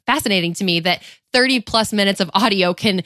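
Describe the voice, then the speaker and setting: A woman's voice: mid-range voice, fairly quick, bright, forceful tone, no echo, clean studio sound. A woman hosting a podcast, talking in a chatty, reflective and upbeat way. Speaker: podcast host. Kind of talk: casual podcast chat.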